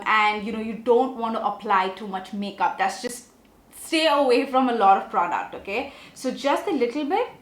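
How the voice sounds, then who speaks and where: Young female beauty vlogger, chatty and animated, higher voice, echoey room. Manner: chatty, animated, often asks okay?. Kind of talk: casual makeup tutorial and storytelling.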